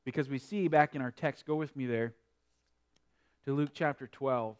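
A man preaching a sermon, swinging between quiet explanation and loud emphatic preaching. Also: mid-range voice, normal speed, clear, resonant tone. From North Dakota. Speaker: pastor.

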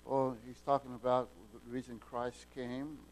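A man delivering a plain-spoken sermon in an ordinary middle-pitched voice. He stumbles and repeats words as he works through a point, then surges loud on the key lines. It sounds like a homespun pulpit talk. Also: little pitch movement, unhurried, rough recording. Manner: folksy preaching, repeats words, swings from quiet to loud. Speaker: preacher.

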